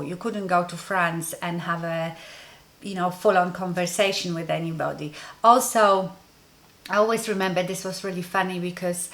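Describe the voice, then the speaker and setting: A woman's voice: lowish voice, fairly bright tone. A woman from Poland with a Polish accent, a native Polish speaker, telling a personal story to her viewers in a rambling, conversational way, full of ums. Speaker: beauty vlogger. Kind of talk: casual story-time monologue.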